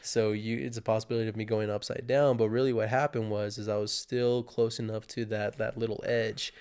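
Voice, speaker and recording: A man's voice: lowish voice, fairly quick, smooth. A man casually telling a personal story on a podcast, acting out the moments as he goes. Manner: animated, acts out his own panicked inner voice. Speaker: guest sharing his testimony.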